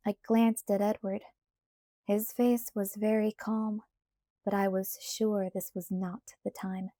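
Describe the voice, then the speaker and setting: A woman narrating a novel aloud in the first person, in unhurried scripted storytelling. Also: mid-range voice, little pitch movement, mellow, no room sound, clean studio sound. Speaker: audiobook narrator.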